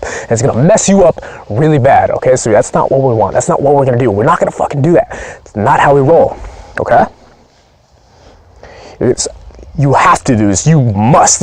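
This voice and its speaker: Fired-up profane man coaching, lively pitch. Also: no echo. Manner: blunt, profane, pumped-up. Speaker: performance coach. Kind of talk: motivational training talk.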